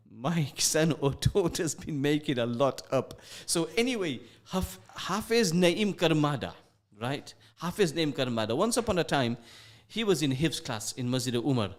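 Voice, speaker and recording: Radio host, male, teasing and chatty, reading shout-outs in a studio. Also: mid-range voice. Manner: playful, teasing, chatty with religious phrases.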